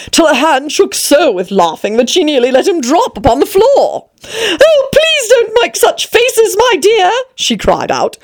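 A woman reading a children's story aloud, measured and gently theatrical. Her voice sits high and moves through a lively, melodic range. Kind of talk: expressive read-aloud storytelling.

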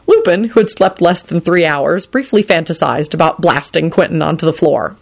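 A woman narrating a story aloud in expressive storytelling style. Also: on the low side, moderate pace, creaky. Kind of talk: audiobook reading of fan fiction.

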